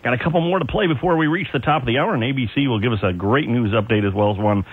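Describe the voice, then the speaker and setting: Between oldies, a husky-voiced Ohio man working the overnight radio shift talks very fast in a mid-range pitch, keeping up casual on-air patter full of chuckles and asides. It's captured as a tinny AM radio aircheck from the studio, with faint music underneath.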